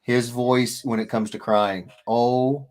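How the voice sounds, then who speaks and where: A man hosting a casual live stream, telling stories in a rambling, animated way with many restarts. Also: medium pitch, slow. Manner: rambling, self-interrupting, animated storytelling. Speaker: livestream host. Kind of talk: casual chat.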